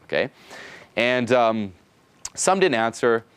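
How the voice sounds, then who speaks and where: A man's voice: medium pitch, very animated, a bit bright, smooth, dry recording. A man giving a casual, profane coaching talk to a group, acting out bits of dialogue and constantly asking "okay?". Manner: rapid, casual, profane, keeps checking in with "okay?"; acts out dialogue while explaining. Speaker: dating coach.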